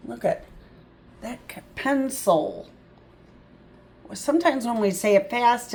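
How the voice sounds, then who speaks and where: A woman tutor teaching a phonics lesson, sounding out words slowly and thinking aloud in a chatty way. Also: mid-range voice, fairly bright tone. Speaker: reading tutor.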